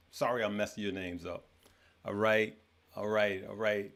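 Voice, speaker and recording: A man's voice: lowish voice, flat delivery, moderate pace, fairly bright tone. A man hosting a casual live stream, greeting viewers by name and chatting loosely with frequent fillers. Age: adult with children. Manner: greets viewers by name, stumbles over names. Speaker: livestream host. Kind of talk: casual livestream chat.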